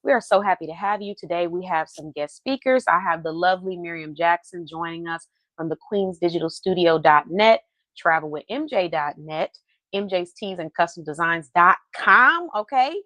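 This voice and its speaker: A woman hosting a livestream from home, chatty and quick to laugh, talking over a video call. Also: fairly low pitch, animated, sharp tone, no echo. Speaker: livestream host. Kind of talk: casual chat.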